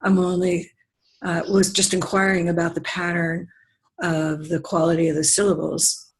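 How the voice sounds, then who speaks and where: A student hesitantly working through a question about poetic meter, with many pauses and fillers. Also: medium pitch, flat delivery, poor audio. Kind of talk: asking questions in class.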